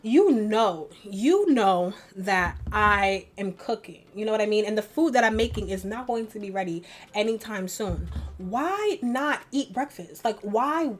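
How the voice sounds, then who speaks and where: A young woman chatting and venting while doing her makeup at home, rambling with many fillers. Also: a little high. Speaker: beauty vlogger. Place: home bedroom at a vanity.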